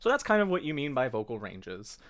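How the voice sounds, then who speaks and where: A man's voice: mid-range voice, huge pitch swings, fairly quick. Rambling young man chatting on a music stream. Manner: rambling, self-correcting, breaks into sung notes. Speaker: livestream host. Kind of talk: casual livestream chat about songwriting.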